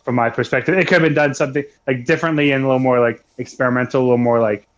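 Young man, podcast co-host, rambling, restarts, mid pitch. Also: fairly even intonation, racing, lo-fi sound. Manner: rambling, many restarts and fillers. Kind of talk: casual chat.

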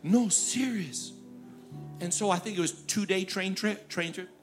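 A middle-aged man from Ukraine preaching and telling a personal story in lively, animated style, acting out the people he quotes. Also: sits high, measured pace. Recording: music playing underneath.

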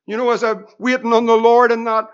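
A middle-aged pastor delivers a sermon in a high, light voice. He stacks rhetorical questions and laughs his way through anecdotes. The recording sounds muffled and lo-fi. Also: little pitch movement, a little fast, a bit bright, clear, resonant tone. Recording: dull lo-fi recording.

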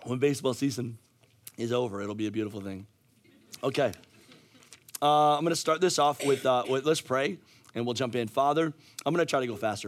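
A middle-aged male pastor preaching a sermon with a hoarse, worn voice, swinging from casual asides to fired-up, near-shouted emphasis. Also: medium pitch, brisk, long pauses. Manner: energetic, rising to near-shouting, conversational asides. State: hoarse, losing his voice.

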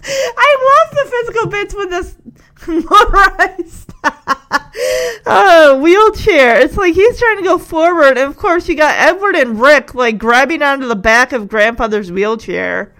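A woman's voice: extremely high pitch, animated, unhurried, fairly bright tone. A woman chatting casually as she recaps and reacts to a television show, laughing often as she goes.

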